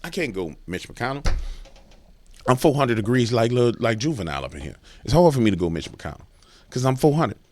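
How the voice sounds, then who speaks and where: A man's voice: medium pitch, very animated, brisk, darkish tone. A man delivering a heated commentary rant, emphatic and repetitive, working himself up as he goes. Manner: emphatic, repetitive, gets worked up. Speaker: political commentator.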